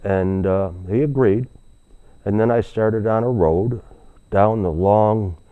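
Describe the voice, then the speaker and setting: Deep-voiced older man telling stories. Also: slow, smooth, narrow, tinny audio. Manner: rambling, many restarts and fillers. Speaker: guest, author. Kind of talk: storytelling interview.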